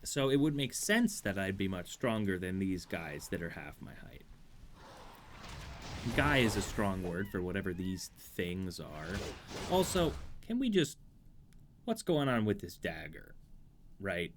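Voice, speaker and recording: A man's voice: low voice, sing-song, a little slow, background noise. A man streaming a video game, giving rambling, wry commentary that easily drifts off topic. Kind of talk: let's play commentary.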